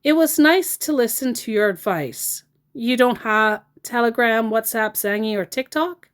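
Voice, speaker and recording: A woman's voice: on the high side, a little slow, lightly acted. A woman reading out the chat messages of a pushy male online scammer, wheedling and demanding.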